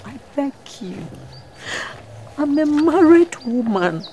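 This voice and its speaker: A woman's voice: high voice, big pitch swings, slow pace, dark tone, a little hiss or hum, exaggerated voice. A woman with a Ghanaian accent playing a married woman begging a persistent man to leave her alone, in a web drama. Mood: pleading. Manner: pleading, exasperated.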